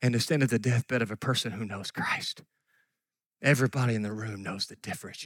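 A middle-aged man preaching a sermon, telling a story earnestly and dropping at times to soft near-whispers. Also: on the low side, a little fast, husky, dry recording. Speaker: pastor.

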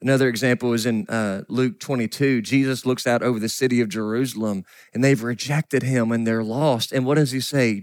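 A middle-aged man preaching as a pastor, with an earnest, pleading manner. His voice sits at an ordinary pitch and sounds close and dry, with no room around it. He often sinks into hushed, almost whispered phrases. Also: brisk, few pauses, dry recording. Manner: earnest, drops to soft whispers for quoted grief. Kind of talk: sermon.

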